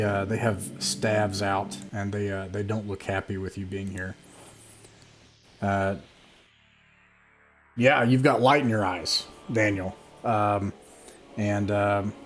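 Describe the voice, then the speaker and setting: Game master, man, low voice, halting online narration with music under it. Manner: halting, many fillers and restarts.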